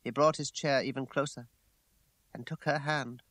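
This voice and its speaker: A man giving a measured, dramatic first-person audiobook narration. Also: mid-range voice, fairly even intonation, a bit bright, dry recording. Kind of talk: scripted narration.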